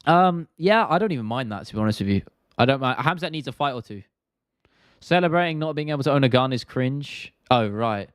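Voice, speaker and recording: Brief: casual young British live streamer, slangy, dry close mic. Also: male voice, medium pitch, animated, a little fast, clear, resonant tone, no echo. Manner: laid-back, rambling, slangy. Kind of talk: casual live stream chat reading viewer questions.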